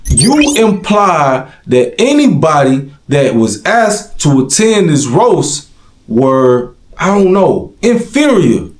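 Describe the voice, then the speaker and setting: A man hosting his own commentary channel, talking straight to his viewers in a slangy, animated way. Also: on the high side, slow pace. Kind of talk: direct-to-camera commentary. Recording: echoey room.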